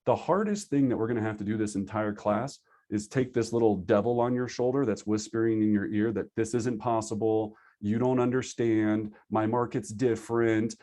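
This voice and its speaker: A man teaching a live online class for real estate agents over a video call, energetic and conversational, acting out his students' excuses. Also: lowish voice. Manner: acts out agents' excuses in quick asides. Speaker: real estate sales trainer.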